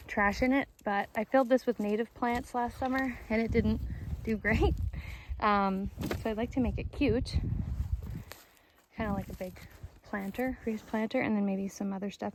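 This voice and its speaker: A woman's voice: medium pitch, slight background noise. A woman vlogging outdoors in a wooded yard, chatting casually and thinking aloud, unsure of her plans. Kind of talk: casual vlog walkthrough.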